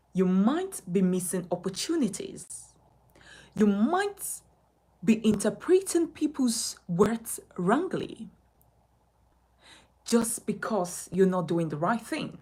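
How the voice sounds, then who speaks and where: Animated, slow-talking woman teaching live. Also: mid-range voice, husky. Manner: animated, emphatic, asks and answers its own questions. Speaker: communication coach. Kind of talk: live-streamed lesson. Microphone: phone.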